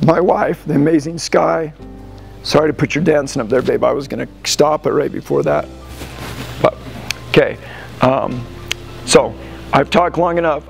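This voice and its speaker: An American football coach speaking emotionally at a team banquet, halting and pausing as he addresses the room. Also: on the high side, gravelly, poor audio. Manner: halting, emotional, with frequent pauses and restarts. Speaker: high school football coach.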